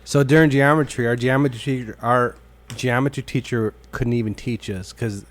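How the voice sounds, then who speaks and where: A man's voice: mid-range voice, fairly even intonation, moderate pace. Rambling, foul-mouthed podcast host man. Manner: rambling, swears freely, acts out quotes. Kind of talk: casual podcast chat.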